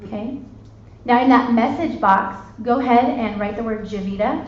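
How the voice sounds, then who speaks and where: A woman in her thirties giving a chatty, bubbly sales pitch to a live audience, calling them "you guys". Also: normal speed. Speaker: sales presenter. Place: meeting room with an audience. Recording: echoey, dull lo-fi room recording.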